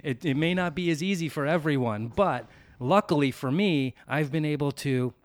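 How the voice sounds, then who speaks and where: A man's voice: a little high, normal speed, no room sound, studio quality. A man hosting a podcast, talking in a reflective, easygoing way with frequent restarts. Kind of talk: casual podcast chat.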